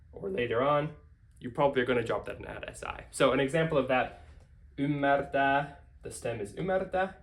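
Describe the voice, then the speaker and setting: A man teaching a casual whiteboard grammar lesson, explaining step by step and repeating key forms. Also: medium pitch. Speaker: language teacher.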